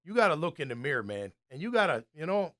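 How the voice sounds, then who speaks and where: Brief: man, former pro football player turned sports talk host, high-pitched voice, animated storyteller. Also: fast. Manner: animated storyteller, acts out coaches' yelling.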